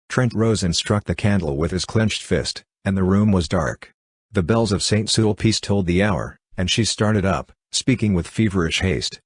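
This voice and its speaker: A man narrates an old novel in a deep, husky voice. His reading is even and measured, with the dialogue voiced only lightly. The recording is dry and close. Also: no room sound. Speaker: audiobook narrator. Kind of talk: scripted narration.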